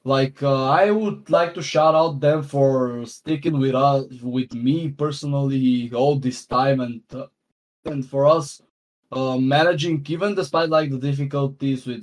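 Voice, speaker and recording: A man speaking as a guest in a casual podcast chat, halting and full of fillers. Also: mid-range voice, steady tone.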